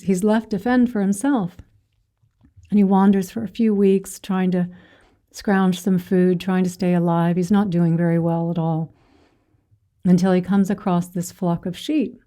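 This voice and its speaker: A woman giving a spiritual talk as a meditation teacher, telling a parable in a gentle, meandering way with fillers. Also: on the low side. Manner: gentle storytelling with fillers and restarts.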